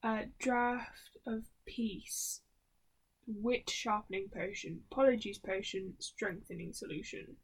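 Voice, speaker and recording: A woman's voice: mid-range voice, slow pace, breathy edge. A young woman chatting casually and reading quiz options aloud in a playful way. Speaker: co-host. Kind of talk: casual chat doing online quizzes.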